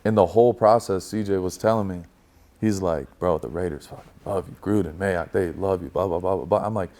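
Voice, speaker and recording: A man's voice: low-pitched, brisk. A young man telling a story as a guest in a casual chat, swearing freely and acting out his own past lines. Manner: profane, animated storyteller.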